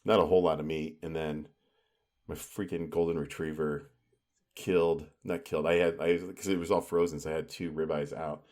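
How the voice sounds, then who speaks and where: Low-voiced rambling podcast man. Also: level tone, moderate pace, darkish tone. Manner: rambling storyteller, lots of filler. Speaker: podcast co-host. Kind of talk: casual chat.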